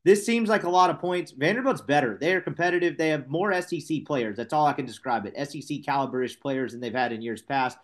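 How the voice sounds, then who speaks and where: A man's voice: fairly high pitch, fast talker, few pauses. Guy doing football picks on a podcast, casual, tongue in cheek, corrects himself a lot. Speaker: podcast co-host making sports picks. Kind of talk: casual sports betting chat.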